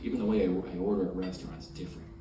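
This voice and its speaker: A male stand-up comedian working a club crowd with crude, brash material, his delivery jumping between loud punchlines and low mumbled asides. The sound is roomy and distant, with heavy audience noise underneath. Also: level tone, rapid-fire.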